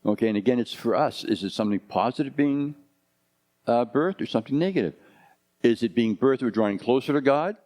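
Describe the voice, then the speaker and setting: A man's voice: medium pitch, expressive, fairly quick, a little mellow. A man in his fifties, a pastor preaching a conversational sermon full of rhetorical questions.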